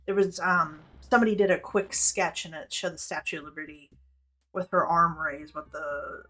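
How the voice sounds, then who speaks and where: A woman's voice: lowish voice, fairly even intonation, moderate pace, bright, forceful tone. A woman in her thirties streaming a game, talking in a rambling, profane, candid way as she plays. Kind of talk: casual gameplay commentary.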